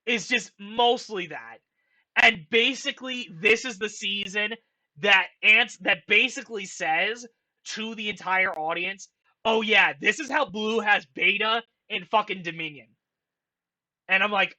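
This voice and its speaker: Excitable high-voiced young man ranting. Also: unhurried. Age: young adult. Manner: excitable, swears a lot, rambling with fillers. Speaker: channel host. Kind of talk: casual commentary ranking a franchise.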